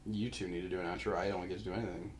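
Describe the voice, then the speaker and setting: Young man, low-pitched, blunt teasing podcast chat, faint room hum. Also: little pitch movement, rapid-fire. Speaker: podcast co-host. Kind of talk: casual chat.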